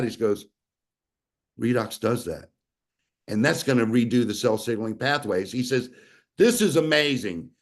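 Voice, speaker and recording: A man telling a story in a folksy, animated way over a video call, acting out the dialogue he quotes. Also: medium pitch. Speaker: guest sharing a testimonial. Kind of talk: casual storytelling.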